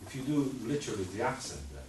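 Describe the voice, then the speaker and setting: A man's voice: mid-range voice, animated, quick pace, a little mellow, recorded from a distance, slight background noise. A man coaching a string quartet in a master class, singing out rhythms and repeating his instructions. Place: rehearsal room with musicians. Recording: roomy, from afar, music playing.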